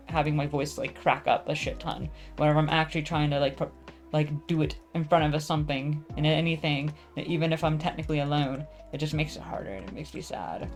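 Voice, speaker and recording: Rambling, swearing young woman vlogger. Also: low voice. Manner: rambling, self-deprecating, swears a lot, many fillers. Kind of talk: casual rambling chat.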